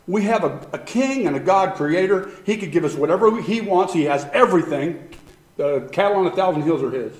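High-voiced man preaching in an echoey room. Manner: emphatic preaching, swings from hushed to loud. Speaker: pastor. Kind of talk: sermon.

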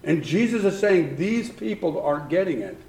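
With a slightly high, slightly mellow voice, lively intonation and a moderate pace, this pastor preaches in a conversational style. The recording has a roomy echo, and he acts out what figures in the text might say, laughing as he does.

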